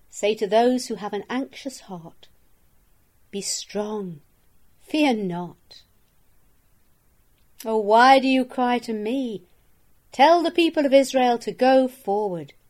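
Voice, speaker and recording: Slow, solemn woman reading scripture. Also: mid-range voice, darkish tone. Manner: measured, solemn reading of verses and references. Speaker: scripture reader. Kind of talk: slow devotional Bible reading.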